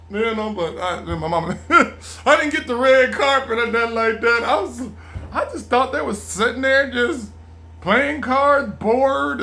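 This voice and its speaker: A middle-aged man casually telling a rambling personal story, repeating phrases, laughing often and mimicking his mother in a lower murmur. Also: sharp tone. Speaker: vlogger.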